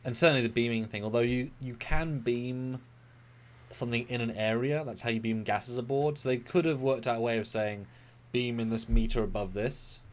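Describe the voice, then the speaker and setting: A man's voice: medium pitch, normal speed. A man co-hosting a live review stream, talking in rambling, analytical bursts that sometimes speed up. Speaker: co-host of a live review show. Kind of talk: casual live-stream discussion.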